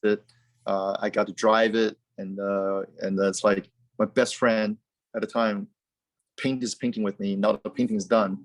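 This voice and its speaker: Animated man, dry close sound. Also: on the low side, normal speed, dry recording. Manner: animated, rambling with frequent restarts and repeated words. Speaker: guest, car company founder. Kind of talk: casual interview chat.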